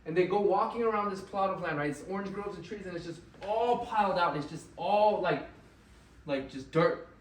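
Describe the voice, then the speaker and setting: A man telling a story live to an audience at an event, animated and often checking in with "right?". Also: sits high, moderate pace. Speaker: motivational speaker at an event. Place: event venue. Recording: echoey room, mic at a distance, faint ambience.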